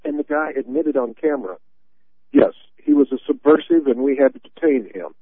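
A man's voice: mid-range voice, animated, normal speed, slightly rough, no echo. A man hosting a political talk radio show, telling stories with a sarcastic, rambling manner. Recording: tinny dry phone-line sound.

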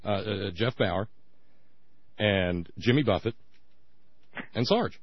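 A man co-hosting a radio show, telling folksy anecdotes and repeating words as he gathers his thoughts. His voice sits lowish. The audio is dull, lo-fi and dry. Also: lively intonation, takes it slowly, vocal fry, no room sound. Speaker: radio co-host. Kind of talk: casual radio chat.

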